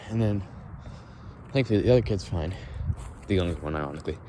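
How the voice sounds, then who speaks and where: Young guy rambling on a dusk walk, low mellow voice, swears a lot, faint street noise behind. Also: lively intonation, quick pace. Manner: rambling, blunt and profane, frequent restarts. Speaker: podcast host. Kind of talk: casual walk-and-talk monologue.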